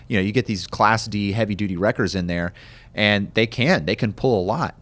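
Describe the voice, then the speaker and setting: A man's voice: lowish voice, a little fast. A man hosting a podcast, chatting casually and animatedly, often acting out what others say. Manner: animated, quotes people in voices, many restarts. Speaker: podcast host. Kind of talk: casual chat.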